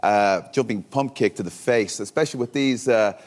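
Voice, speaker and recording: A man's voice: fairly low pitch, normal speed. A man, a wrestler and talk show guest, joking boldly and calling people fella. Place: television studio.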